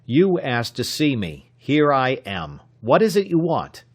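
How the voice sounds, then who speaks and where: A man's voice: medium pitch, animated, normal speed, darkish tone, pitched above the performer's own voice, lightly acted. A man voicing a young inventor hero in an audiobook, speaking firmly and in clipped phrases. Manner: clipped, firm. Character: young male inventor, cool-headed hero.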